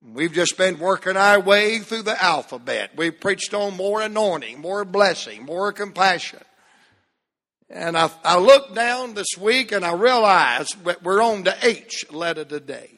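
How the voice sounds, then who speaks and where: Pastor, bright high voice, unhurried delivery, booming hall reverb. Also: male voice, lively intonation. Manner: preaching with call-and-response, drawn-out emphatic phrases. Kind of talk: sermon.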